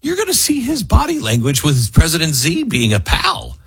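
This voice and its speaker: A man's voice: on the high side, moderate pace, husky, no echo. A male radio talk show host, emphatic and opinionated, with a dry close studio sound. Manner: emphatic, animated, mocks others in put-on quotes.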